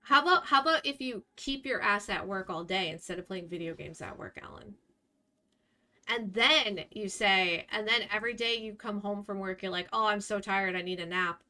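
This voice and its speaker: A woman's voice: mid-range voice, normal speed, bright, forceful tone. A young woman streamer ranting bluntly at her chat, scolding and exasperated, swearing freely. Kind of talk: live stream rant at chat.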